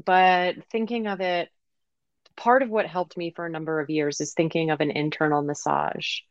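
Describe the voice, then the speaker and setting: A woman manual therapist speaking as a podcast guest in gentle, reflective conversation, laughing easily. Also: sits low, steady tone, normal speed, no room sound. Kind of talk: casual conversation. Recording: slightly muffled dry sound.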